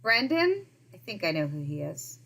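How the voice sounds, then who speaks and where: A woman's voice: fairly low pitch, huge pitch swings, normal speed, creaky, sharp tone. A woman in her thirties, co-hosting a casual chat, recapping a show with lots of "like" and laughs. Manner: chatty, recapping with frequent "like" and laughs. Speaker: podcast co-host.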